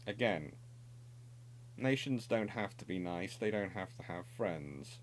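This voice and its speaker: A man's voice: sits low, animated, slow, slight background noise. A middle-aged man presenting naval history in an unscripted, discursive explanatory monologue. He corrects himself often and adds wry asides.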